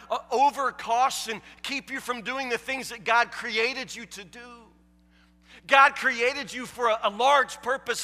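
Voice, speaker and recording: A man delivers a sermon in a high, piercingly bright voice. He presses his points hard, stumbles into quick restarts, and keeps checking whether his listeners understand. His words ring out with the long reverb of a large hall. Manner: emphatic, repeats "you understand?"; stammering restarts, drops low and soft for the story. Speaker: preacher.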